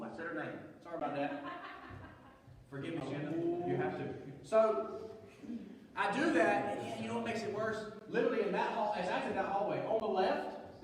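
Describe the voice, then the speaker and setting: A man giving a youth sermon, telling a funny story in an animated, chatty way. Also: a little high, slight background noise. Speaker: youth pastor. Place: large church hall. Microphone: distant from the mic. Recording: echoey hall, distant mic, faint ambience.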